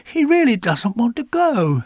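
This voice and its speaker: A worried young boy, earnest and fretful about his dog, as a man reads him aloud. The voice is lifted high above a plain speaking tone, soft and anxious. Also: big pitch swings, measured pace, dry recording, studio quality, full character voice.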